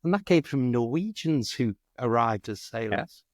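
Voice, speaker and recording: A man's voice: mid-range voice, animated, moderate pace. A man with a Scouse accent explains his home city at an easy conversational pace. His voice sits in a middle register. The sound is close and dry, with no room echo. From Liverpool, England. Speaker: guest, English teacher. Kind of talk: casual chat.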